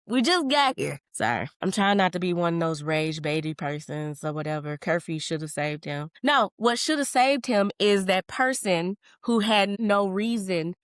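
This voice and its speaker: A woman's voice: mid-range voice, no room sound, studio quality. A woman hosting a podcast in casual solo talk, answering comments in a heated, blunt and profane way with emphatic outbursts. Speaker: podcast host.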